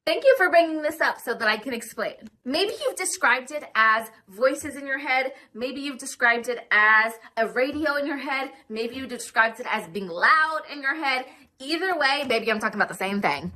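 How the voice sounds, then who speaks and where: A woman's voice: sits high, animated, normal speed, sharp tone, a little hiss or hum. A woman talking to camera in a casual explainer monologue, rambling and emphatic. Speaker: social media video creator.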